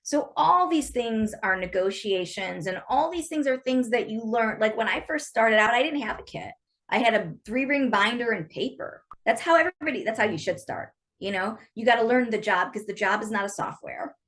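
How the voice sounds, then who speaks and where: Frank, higher-voiced woman guest. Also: lively intonation, moderate pace, fairly bright tone. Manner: frank, matter-of-fact, explains at length. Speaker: guest, script supervisor. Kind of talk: casual interview chat.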